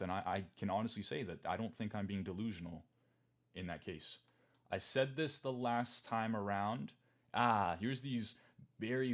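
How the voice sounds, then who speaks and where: A young man with a lowish voice talking markets on a casual livestream. He is candid and emphatic, calmly reassuring his viewers. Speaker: trading streamer.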